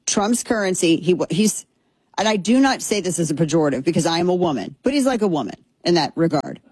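Husky woman hosting political commentary. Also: lowish voice, expressive, brisk, darkish tone, no room sound. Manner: conversational, many restarts and asides, wry.

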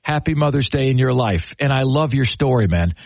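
A man hosting a call-in sports radio show, energetic and enthusiastic, quick to laugh with callers. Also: medium pitch, creaky, no echo.

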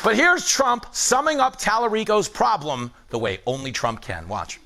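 A man's voice: sits high, moderate pace, creaky, a little hiss or hum. A man hosting a late-night comedy monologue, joking and acting incredulous in front of a live studio audience. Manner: animated, joking, mock-incredulous.

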